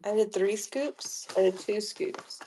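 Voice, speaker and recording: A young adult woman, a nurse, chatting casually and telling animated stories with frequent laughter. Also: mid-range voice, slow pace, a little hiss or hum. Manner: animated storyteller who laughs often. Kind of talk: casual chat.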